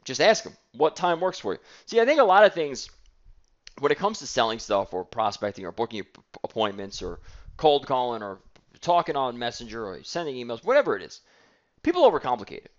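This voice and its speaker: A man's voice: mid-range voice, sing-song, a little fast, muffled recording. A man giving a blunt sales training talk, acting out calls and mocking timid salespeople.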